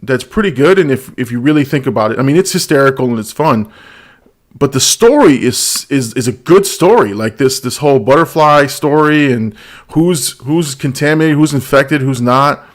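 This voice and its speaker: A man's voice: mid-range voice, animated, moderate pace. A middle-aged man hosts a laid-back pop culture show. He talks casually and hesitantly, with frequent restarts and small laughs between thoughts. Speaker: podcast host.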